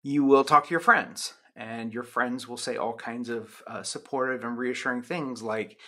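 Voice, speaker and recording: A man's voice: mid-range voice, moderate pace, sharp tone. A man lecturing on sociology in a loose, chatty way, with many ums and restarts. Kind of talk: recorded lecture with personal anecdote.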